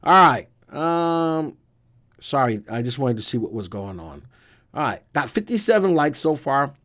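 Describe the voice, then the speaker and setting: A man hosting a live stock analysis webcast, walking viewers through charts with energetic, folksy commentary. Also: medium pitch, a little slow, no echo. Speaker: stock market analysis host.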